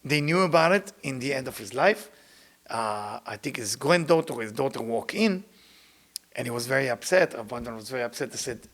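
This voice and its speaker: A man giving a spiritual lecture as a Kabbalah teacher, speaking non-native English with broken grammar. He acts out the people he quotes and sometimes drops to a hush. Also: mid-range voice, lively intonation, brisk.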